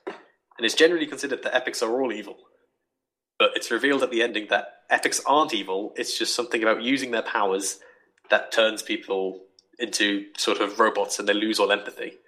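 A young man casually talking through a book on a podcast, rambling and animated, acting out quoted thoughts. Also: lowish voice, brisk, poor audio. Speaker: podcast host reviewing a book.

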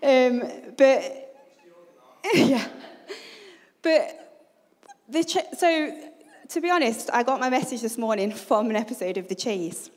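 A woman's voice: on the high side, slow pace, long pauses, darkish tone, big-room sound. A woman giving a chatty, humorous sermon and asking the congregation questions. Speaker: preacher.

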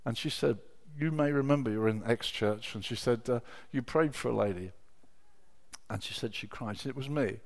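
Fairly quick and mid-range in voice, this middle-aged preacher shares emotional personal stories in his sermon. His delivery swings from hushed storytelling up to loud exclamations.

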